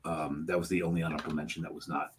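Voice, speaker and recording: A man's voice: very deep voice, level tone, rapid-fire, a little hiss or hum. A middle-aged man co-hosting a podcast, trading teasing wisecracks in casual chat. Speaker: podcast co-host.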